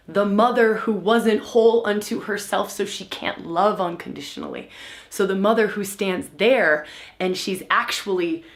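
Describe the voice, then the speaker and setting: An emphatic woman leads a spiritual teaching session, often pausing to ask her listeners "right?" and acting out the voices she talks about. Her voice sits at a middle pitch and rings in an echoey room. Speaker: women's coach hosting a live session. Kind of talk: spiritual teaching talk to a live online audience.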